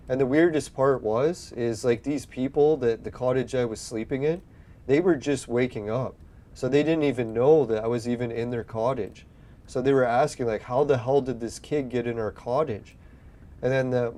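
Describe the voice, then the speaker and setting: A man's voice: mid-range voice, dark tone. A young man telling a long childhood story in casual chat while playing a game, rambling and swearing as he acts out his own past words. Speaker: gaming video host.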